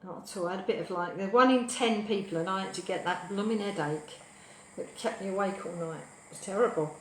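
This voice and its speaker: A woman's voice: medium pitch, brisk, slight background noise. British woman, cooking show host, rambling cheerful chatter, echoey kitchen, clinking pots and cutlery. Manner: cheerful, rambling, cheeky asides, bursts of loud whoops. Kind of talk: chatty live cooking stream. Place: home kitchen. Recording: echoey kitchen with clattering dishes.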